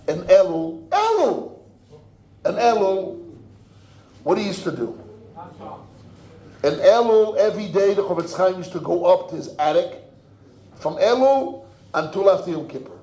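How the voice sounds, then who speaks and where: An older man, a rabbi telling a story in a sermon. He acts out the voices, swinging from hushed murmurs to loud cries. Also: high voice. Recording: echoey room.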